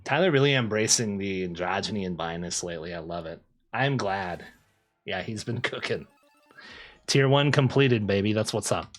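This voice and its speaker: Husky, lively young male streamer. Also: fairly low pitch, moderate pace, faint music behind. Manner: laid-back slang, lots of laughing and repeating himself. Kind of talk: casual gameplay streaming, reading chat.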